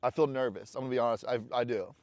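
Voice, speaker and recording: A man's voice: mid-range voice, fairly even intonation, racing, a little mellow, no room sound. Blunt, profane man talking to camera. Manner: blunt, profane self-talk; candid and rambling, with restarts. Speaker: vlogger. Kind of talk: casual motivational monologue to camera.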